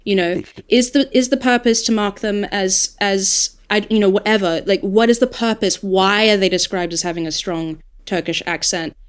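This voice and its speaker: A woman who works as a dialect coach, talking through ideas aloud in a casual podcast discussion, emphatic and lively. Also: medium pitch, moderate pace, hardly any pauses, smooth.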